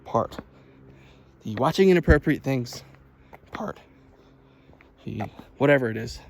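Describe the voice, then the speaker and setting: A man's voice: medium pitch, expressive, measured pace, gravelly, darkish tone, a little hiss or hum. Rambling man talking while walking outdoors. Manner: rambling, conversational, laughs at himself. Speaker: vlogger. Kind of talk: casual walking vlog monologue. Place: outdoors walking along a road.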